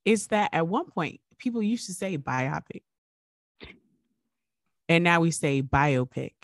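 Low-voiced, wry woman podcast co-host. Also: expressive, fairly quick, no echo, clean studio sound. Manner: chatty storyteller, wry and emphatic. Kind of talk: casual podcast chat.

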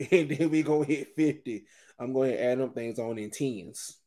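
A middle-aged man hosting a podcast and talking through a rambling, animated, casual monologue, often laughing. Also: on the high side. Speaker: podcast host.

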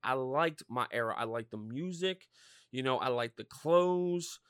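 A man's voice: medium pitch, measured pace, smooth, no echo, studio quality. A man in his thirties hosting a podcast, ranting casually with lots of swearing and filler words. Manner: profane, animated ranting with frequent fillers. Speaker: podcast host. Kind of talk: casual rant.

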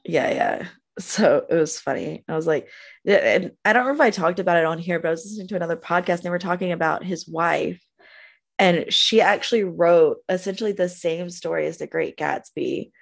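A woman co-hosting a podcast, recapping a TV episode in casual chat, animated and gushing, laughing often. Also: lowish voice, a little fast, gravelly. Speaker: podcast co-host.

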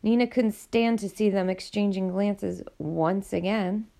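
Audiobook narrator: woman, gravelly, middle pitch, steady reading. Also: a little slow. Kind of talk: scripted narration.

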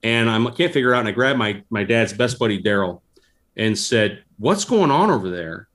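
A man telling stories in a casual interview, animated and laughing as he goes. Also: on the low side, a little fast. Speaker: guest. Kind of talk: casual storytelling.

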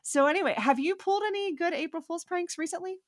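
A young adult woman co-hosting a casual chat podcast, telling stories in an animated, profane way with emphatic bursts. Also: very high-pitched, fast talker, dry recording, studio quality. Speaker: podcast co-host.

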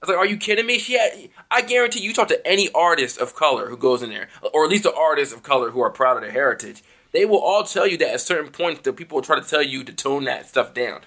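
Fast, bright-voiced fired-up male podcaster. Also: a little high, animated. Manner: heated, emphatic, swears often. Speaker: podcast co-host. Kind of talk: casual music discussion.

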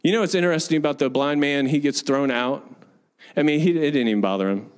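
A pastor preaching a sermon in a church and leading the congregation in call-and-response, building to fervent declarations. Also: male voice, fairly high pitch, fast, in a large hall. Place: church hall with balconies.

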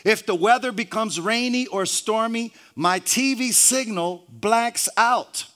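A man preaching a sermon, peppering his phrases with hallelujah, stumbling and repeating words, joking with the congregation and rising to shouts. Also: high-pitched, slow pace.

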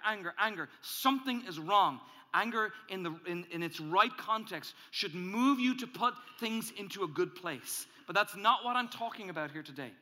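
A male pastor preaching a sermon, animated and emphatic, acting out angry inner voices as he builds. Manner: animated, acts out angry inner voices, rises in pitch and volume when emphatic. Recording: hall reverb.

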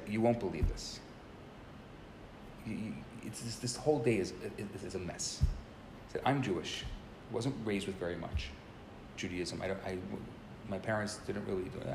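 A man teaching and telling a story in a casual way, animated, often repeating words as he starts a sentence. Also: lowish voice, creaky, reverberant, noisy background.

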